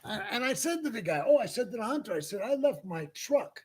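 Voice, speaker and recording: Against background noise, a podcast host with a high voice talks fairly quickly and very animatedly. During this casual storytelling chat, he tells a long anecdote and acts out each person in it.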